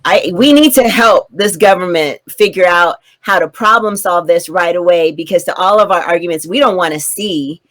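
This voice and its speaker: A woman's voice: lowish voice, moderate pace, hardly any pauses, a bit bright. A woman speaking as a panelist in a political discussion, earnest and repeating words as she starts her points.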